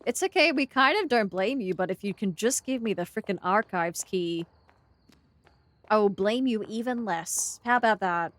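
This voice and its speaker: A young Australian woman streams a horror game, chatting casually with viewers and thinking out loud. She's excitable, breaking into loud yells and laughter, with a medium-pitched voice at a moderate pace. There's no room sound.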